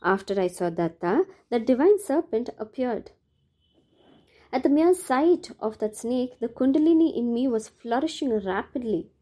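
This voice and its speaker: Mellow-voiced woman narrating an audiobook. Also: fairly high pitch, expressive, moderate pace. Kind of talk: scripted devotional narration.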